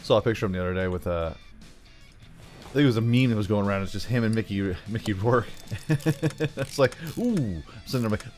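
A man's voice: fairly low pitch, fairly quick, soft background music. A man giving casual, rambling commentary over a game, full of playful asides. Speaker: gaming YouTuber.

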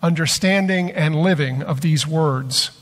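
Slow-speaking high-voiced man preaching. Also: a bit bright. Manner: slow, measured storytelling delivery. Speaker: pastor. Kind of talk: sermon. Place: church sanctuary. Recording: long church hall reverb.

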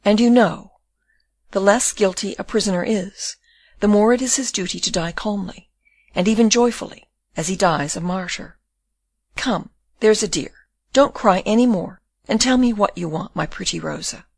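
A woman voicing a calm condemned young prisoner. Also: medium pitch, normal speed, dry recording, natural voice. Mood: tender. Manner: tender, calm and consoling.

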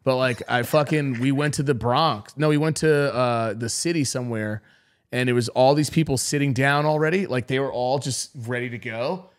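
A man's voice: medium pitch, normal speed. A young man hosting a casual podcast, telling stories full of swearing and quoted voices. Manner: swears a lot, storytelling with mimicked quotes. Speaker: podcast host.

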